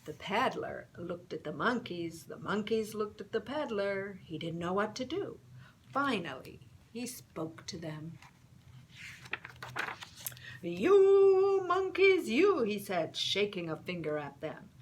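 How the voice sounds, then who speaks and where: A woman storyteller reading a picture book aloud, slow and expressive, dropping to a whisper for suspense. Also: mid-range voice, slight background noise.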